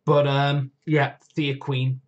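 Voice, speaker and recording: A man's voice: medium pitch, slow pace, dull audio. A man hosting a live stream, talking casually in a rambling, digressive way, often losing his thread and correcting himself while eagerly listing wishes. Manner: enthusiastic, lively wish-list talk.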